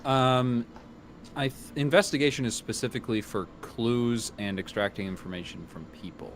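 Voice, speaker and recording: A man running a tabletop game as game master, narrating in a relaxed, descriptive way. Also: medium pitch, moderate pace, a little hiss or hum.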